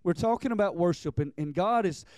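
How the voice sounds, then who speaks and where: A man of about forty preaches with heartfelt urgency, tripping over repeated words as his passion climbs. His voice sits high and rings clean and smooth. The sound is close and dry, with no room around it. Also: animated, fairly quick, darkish tone, dry recording. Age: 40s. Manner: earnest, stammering restarts, building in intensity. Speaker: pastor. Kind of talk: sermon.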